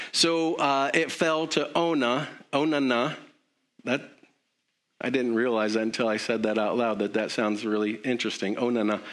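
A man's voice: mid-range voice, a bit bright. A man preaching a sermon in a conversational way, with joking asides and frequent fillers. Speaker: pastor.

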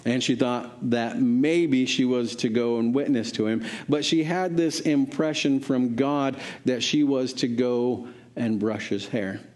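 A man's voice: measured pace, few pauses, a little mellow. Man preaching a sermon story. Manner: acts out quoted voices, pitch rising for characters.

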